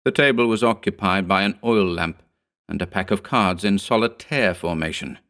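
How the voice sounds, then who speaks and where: A man narrating a horror story in a measured, grave storytelling manner. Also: deep voice, fairly bright tone. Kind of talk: scripted horror audiobook narration.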